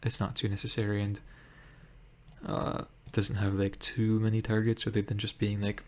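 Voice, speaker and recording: A man giving casual commentary on his own card game, thinking aloud with many pauses and fillers. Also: fairly low pitch, completely flat delivery. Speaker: gameplay streamer.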